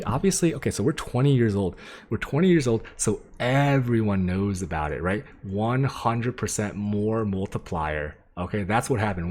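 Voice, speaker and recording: A man's voice: on the low side, darkish tone. A man streaming from home, telling a casual, rambling story to his chat, full of swearing and filler words. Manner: rambling, profane, lots of "like" and "um"; sketches while he talks, addressing chat. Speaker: game streamer.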